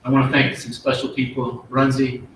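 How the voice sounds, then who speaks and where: A middle-aged man, an army officer, giving an earnest promotion speech and telling a folksy story with pauses and restarts. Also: mid-range voice, completely flat delivery, a bit bright, recorded from a distance, slight background noise. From United States. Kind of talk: ceremony speech with war story. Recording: very echoey hall, voice from afar.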